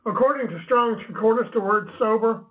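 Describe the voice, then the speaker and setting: A man teaching from the Bible in a measured way, with emphatic asides. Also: high voice, recorded from a distance. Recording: tinny phone-like sound.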